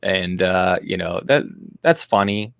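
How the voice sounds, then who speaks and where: A man's voice: low voice, a little slow, creaky, smooth, no echo, clean studio sound. A man from Canada hosting a casual political livestream from his home, rambling and profane, restarting often and mimicking people he mocks. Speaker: livestream host. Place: home room.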